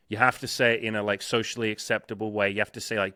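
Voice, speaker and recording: A man's voice: on the low side, very fast, few pauses, clean tone, dry recording, clean studio sound. A young man hosting as a dating coach, talking bluntly and profanely, acting out quotes as he tells stories. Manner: blunt, profane, animated storytelling with acted quotes. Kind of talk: casual interview chat.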